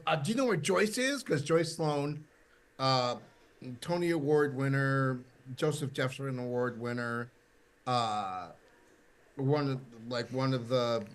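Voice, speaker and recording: A middle-aged man, a podcast guest, telling a stage anecdote in casual chat and acting out the voices he quotes. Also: medium pitch. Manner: animated anecdote teller, acts out quoted voices.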